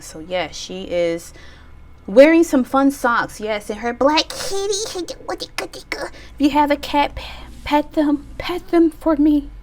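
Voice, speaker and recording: Woman doing a chatty tarot reading, smooth clear voice, cheeky and playful, mid pitch. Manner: chatty and playful, with bawdy jokes and bursts of laughter. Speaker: tarot reader. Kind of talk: casual pick-a-card tarot reading.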